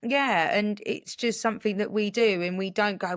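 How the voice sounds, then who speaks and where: Quick-talking young mum telling stories, does all the voices, casual podcast chat. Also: female voice, medium pitch. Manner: animated storytelling, acts out dialogue. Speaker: podcast co-host, parent.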